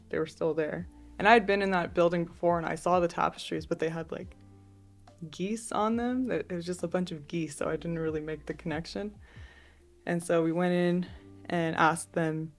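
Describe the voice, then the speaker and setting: A young woman speaks as a podcast guest in a low, gravelly voice with flat, even intonation. She tells her stories casually and keeps slipping in "like". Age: young adult. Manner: chatty, relaxed storytelling with many "like"s. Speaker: artist and guest. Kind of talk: casual interview storytelling.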